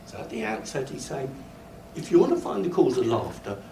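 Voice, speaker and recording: A man's voice: a little high, sing-song, a little fast, gravelly, mellow. An older British man giving a university lecture, animatedly telling stories and acting out his own embarrassed asides. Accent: British English. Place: lecture hall. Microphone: room recording from a distance. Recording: echoey lecture hall, distant mic, faint noise. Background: student laughter.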